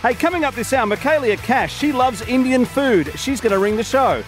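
A man's voice: very high-pitched, expressive, fairly quick. A man hosting a radio show, presenting upbeat segments and sponsor reads. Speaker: radio fill-in host. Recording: radio broadcast over music bed.

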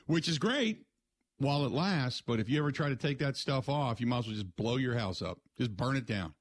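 A male sports radio host, talking in loose, joking rants at an ordinary mid pitch. His voice is close and dry in the studio, with no room sound. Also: no room sound. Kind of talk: casual radio talk. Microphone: studio mic.

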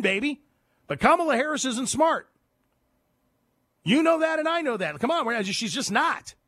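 A man delivers a call-in talk radio monologue in a high, lively voice that leaps up and down. He is sarcastic and opinionated, punching some words loudly and dropping others to a hush. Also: husky, no echo. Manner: animated, sarcastic, jumps between loud and hushed.

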